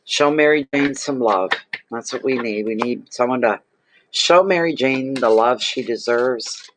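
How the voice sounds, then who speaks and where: A man's voice: medium pitch, a little slow, a bit bright, slight background noise. Gushing man reading tarot cards. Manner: effusive, exclaims and gushes over cards. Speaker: tarot reader. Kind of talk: casual tarot reading vlog.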